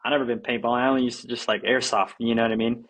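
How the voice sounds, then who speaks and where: A man's voice: mid-range voice, flat delivery, very fast, fairly bright tone. A young man, a guest, telling a story in a laid-back way, saying dude and like constantly. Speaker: guest skateboarder. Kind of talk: casual storytelling.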